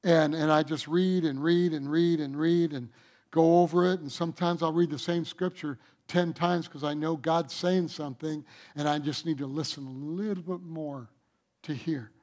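A male pastor with a high voice delivers a sermon. He swings from loud, fervent exhortation down to quiet, hushed reflection. He acts out the lines of the scripture figures with animated voices. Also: moderate pace.

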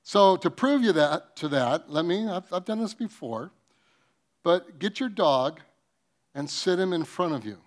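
In an unhurried sermon, a high-voiced pastor with lively intonation tells comic stories and acts out the quotes. His delivery shifts between loud bursts and soft, earnest passages.

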